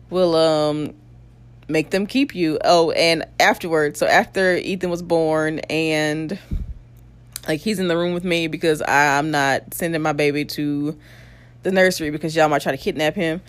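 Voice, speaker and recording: Young woman, lower register, candid storyteller with a crude streak, dry close sound. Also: no room sound. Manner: candid, blunt, crude humor with frequent laughs. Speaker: mother telling her birth story. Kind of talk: casual storytelling to camera.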